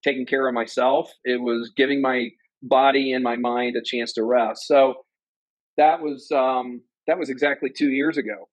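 A man's voice: normal speed, dry recording, poor audio. Earnest man telling his story. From Ohio, USA. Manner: earnest, animated storyteller who acts out quotes in a higher voice. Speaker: guest, former company president. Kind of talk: personal storytelling in an interview.

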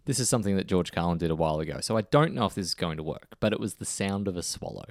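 A man's voice: low voice, lively intonation, very fast. A man co-hosting a podcast in a jokey, rambling casual chat, with the microphone right at his lips. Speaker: podcast co-host.

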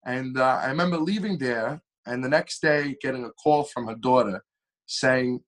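A young man, a singer telling stories as a podcast guest in a lively, animated way. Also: normal speed. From Long Island, New York. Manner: animated storyteller with shifting pitch and pace. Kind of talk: casual storytelling interview.

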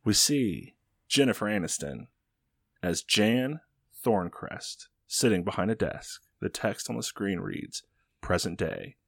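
A young man with a very deep voice tells a loose, rambling story for a comedy podcast, stacking up filler words as he goes. The sound is dry and close, with no room echo. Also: lively intonation, unhurried, slightly rough. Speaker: podcast co-host pitching a movie sequel. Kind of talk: casual comedic chat.

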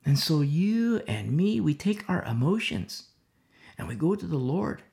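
A man preaching a sermon as pastor, swinging between loud emphatic lines and hushed near-whispers. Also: fairly high pitch, very animated, a little slow, gravelly. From America.

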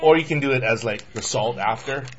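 A man's voice: mid-range voice, fairly quick. A man hosting a casual snack-tasting chat with friends, rambling and laughing easily. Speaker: host. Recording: lo-fi with steady noise.

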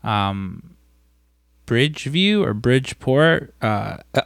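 A man's voice: mid-range voice, sing-song, slow, vocal fry, fairly bright tone, no room sound. Hesitant, rambling man, dry sound. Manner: hesitant, rambling with fillers, self-deprecating. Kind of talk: casual chat.

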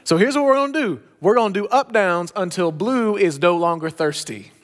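A man's voice: high voice, animated, moderate pace. A man voicing a domineering adult football coach in a sermon retelling, scolding and emphatic. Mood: stern.

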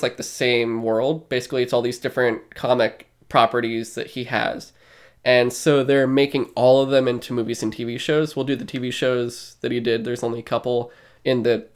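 A man's voice: medium pitch, clear, resonant tone. A man co-hosting a podcast in casual chat, rambling loosely with plenty of fillers and swearing. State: short of breath. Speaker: podcast co-host.

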